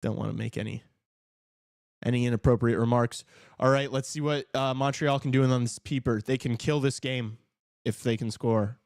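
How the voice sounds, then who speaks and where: A man hosting a casual live talk show, reacting to a hockey game with excited outbursts and jokes. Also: medium pitch, normal speed, gravelly, dry recording, clean studio sound. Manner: excitable, shouts at big plays, joking. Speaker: podcast host watching a hockey game.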